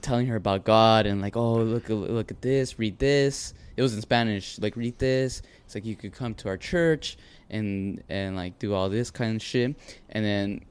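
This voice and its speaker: A man's voice: lowish voice, fairly even intonation, normal speed, smooth. A man co-hosting a podcast, telling a story casually with lots of swearing. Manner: profane, laughing storyteller. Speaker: podcast co-host. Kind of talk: casual chat.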